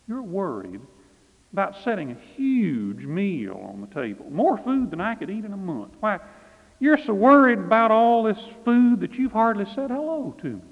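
A man voicing a kindly visiting preacher, speaking softly and gently. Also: high voice, exaggerated voice. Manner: soft, slow and gentle. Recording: phone-like reverberant recording.

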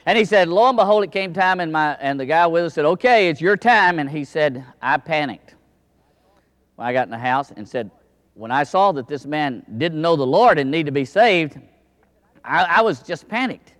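Man, preacher, folksy storytelling sermon, fairly high voice. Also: brisk. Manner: folksy Southern preaching, swings between loud and low.

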